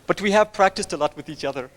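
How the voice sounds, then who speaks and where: A man's voice: high-pitched, quick pace. A man in a comedy act, speaking in an earnest, mock-formal way on a festival stage. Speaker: street performer.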